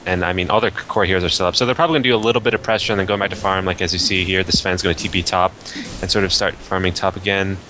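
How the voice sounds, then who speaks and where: A very deep-voiced man breaks down a video game match at a quick clip, his tone bright and forward. He speaks casually and analytically, with a faint hiss of noise behind him. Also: steady tone. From Canada. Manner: analytical, casual, many fillers like I mean and like. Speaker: esports color commentator.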